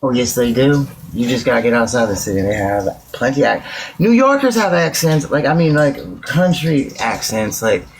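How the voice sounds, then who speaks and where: Woman, gravelly voice, casual livestream chat, offhand, mumbled short replies. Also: a bass voice, moderate pace, few pauses, a little mellow, a little hiss or hum.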